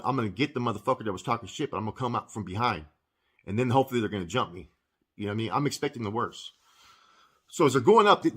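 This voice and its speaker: Husky-voiced man, blunt and profane, casual storyteller. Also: mid-range voice, a bit bright. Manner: profane, blunt street talk. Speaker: former inmate telling his story.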